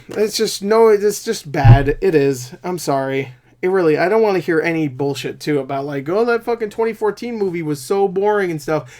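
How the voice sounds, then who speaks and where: Ranting, swearing young male movie reviewer. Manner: rambling, swears a lot, climbs high and loud when angry. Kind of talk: ranting solo video review.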